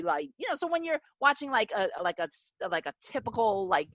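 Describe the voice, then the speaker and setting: A woman's voice: medium pitch, sing-song, brisk, few pauses, fairly bright tone, no room sound. Rambling woman podcast host, muffled dry audio. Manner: rambling, heavy on filler words. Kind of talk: casual chat.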